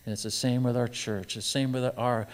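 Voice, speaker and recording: A man's voice: mid-range voice, flat delivery, moderate pace. A man preaching a sermon, reading scripture aloud and pressing his points with emphatic rises and rhetorical questions. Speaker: pastor. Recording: long hall reverb.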